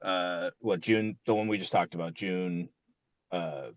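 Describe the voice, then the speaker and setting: A man on a video call from his parked car, talking casually in a meeting, halting and apologetic with many fillers. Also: deep voice, fairly even intonation, dry recording, highs cut off. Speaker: commission member.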